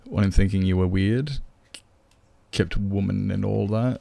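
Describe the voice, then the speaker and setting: A man's voice: fairly low pitch, unhurried, gravelly, mellow. A man streaming a game live, chatting loosely with viewers and rambling to himself. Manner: rambling, chatty, greets viewers, talks to his cat. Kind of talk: casual live-stream chat.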